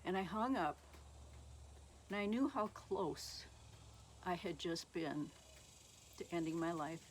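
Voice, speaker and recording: A middle-aged woman telling her personal faith testimony slowly and haltingly, with many pauses. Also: on the low side, lively intonation, slight background noise. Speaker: speaker sharing her testimony.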